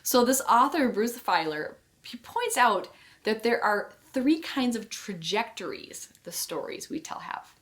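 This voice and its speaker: A woman co-hosting a marriage course, explaining ideas in an expressive, playful storytelling manner. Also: fairly high pitch, a little slow. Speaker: co-host teaching a marriage course. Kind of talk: teaching a video course.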